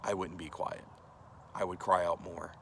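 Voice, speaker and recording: A man's voice: low voice, little pitch movement, moderate pace, vocal fry, a little hiss or hum. A male pastor giving a conversational sermon, earnest and direct, often asking the listeners questions.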